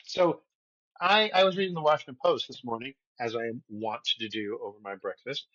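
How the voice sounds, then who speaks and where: A man's voice: medium pitch, moderate pace, fairly bright tone, dry recording, dull audio. A man co-hosting a podcast in casual political chat, with wry, sarcastic asides. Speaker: podcast co-host.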